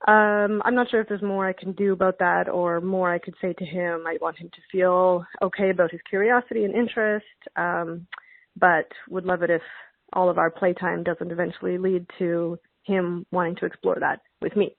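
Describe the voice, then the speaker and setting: Woman, caller, mother, hesitant, lowish voice, dry phone-line sound. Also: little pitch movement, moderate pace, gravelly, no echo. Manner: hesitant, searching for words. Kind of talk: recorded listener question.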